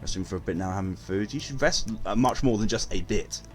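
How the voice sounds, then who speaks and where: Over faint background music, a gaming streamer with a fairly low voice speaks briskly. He chats casually with his viewers, blunt and given to cursing.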